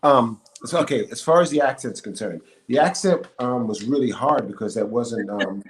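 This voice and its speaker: Speaking at normal speed in a mid-range voice, a middle-aged actor-singer guest spins lively stories in a relaxed interview. Fillers and laughs come often, and the recording has an echoey room sound with faint background noise.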